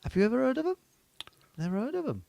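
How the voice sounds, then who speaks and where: A man with a high, lively voice tells rambling stories and keeps giggling at his own jokes. The sound is dry and close, with no room around it. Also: fast talker, creaky, no room sound. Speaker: show host. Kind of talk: casual chat.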